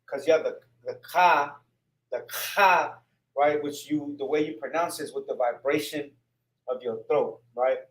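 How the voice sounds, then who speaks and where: Slow-talking man in an echoey room. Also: a little high, a bit bright. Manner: slow and repetitive, sounds out syllables, often asks "right?". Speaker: teacher going over a word list. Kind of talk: casual spoken lesson.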